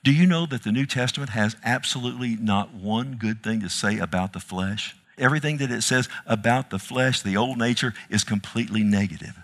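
A male preacher delivering an impassioned sermon, rising to loud cries, then dropping to low pleading, and calling his listeners "loved one". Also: a little fast, hardly any pauses.

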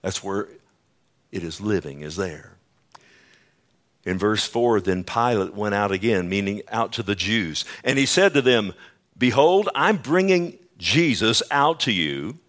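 Male preacher, lowish voice, dramatic sermon delivery that swings loud and hushed. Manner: dramatic, swings between loud emphasis and hushed slow lines; asks the congregation for responses.

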